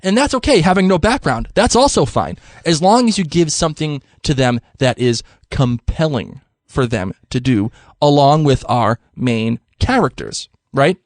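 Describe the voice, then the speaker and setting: A man's voice: on the high side, animated, normal speed, dry recording, clean studio sound. A young man hosting a podcast, rambling casually with frequent laughter and restarts. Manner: giggly, rambling, many restarts. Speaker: podcast host.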